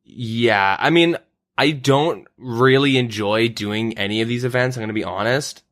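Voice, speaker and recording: A young Canadian gaming podcast host speaks at normal speed in a mid-range voice. His casual, relaxed chatter is full of fillers such as "like" and "um." There is no room sound, and the studio audio is clean.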